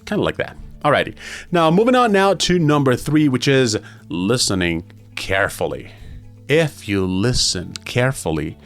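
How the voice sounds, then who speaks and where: A man hosting an English lesson podcast, energetic and chatty, often checking in with "right?" and slowing down to demonstrate. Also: medium pitch, soft background music. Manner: energetic and enthusiastic, slows down to demonstrate; chatty, frequent "right?" and "hey". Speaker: English teacher.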